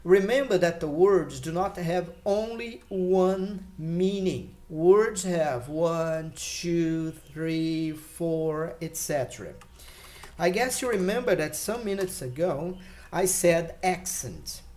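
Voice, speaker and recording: A man gives an English lesson in a patient, explanatory way. He lets each listed word drop in pitch and thinks aloud as he searches for a term. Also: slow, darkish tone. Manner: thinks aloud with fillers and restarts. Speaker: English teacher. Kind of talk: online English lesson for learners.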